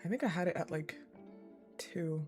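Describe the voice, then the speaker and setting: A woman streaming a game playthrough, chatting excitedly and reading the game text aloud. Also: fairly low pitch, moderate pace, soft background music. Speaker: gaming streamer. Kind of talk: live game playthrough commentary.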